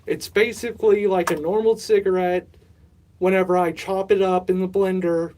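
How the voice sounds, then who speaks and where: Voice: medium pitch, fairly even intonation, moderate pace, mellow, slight background noise. A livestream host chatting casually with viewers, rambling and poking fun at themself while working on a home mushroom setup. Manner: rambling, chatty, self-mocking, talks to chat.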